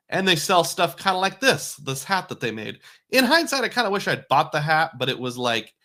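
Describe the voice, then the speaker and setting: Bright-voiced chatty dad. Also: male voice, medium pitch. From United States. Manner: chatty, folksy, self-correcting asides. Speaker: family travel vlogger. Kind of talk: casual voice-over narration of travel photos.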